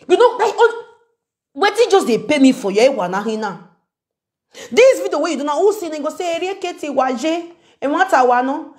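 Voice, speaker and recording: A woman's voice: high voice, a little mellow. A woman with a Nigerian Pidgin English accent, ranting and mocking someone in a confrontational commentary video. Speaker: social media commentator. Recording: echoey room.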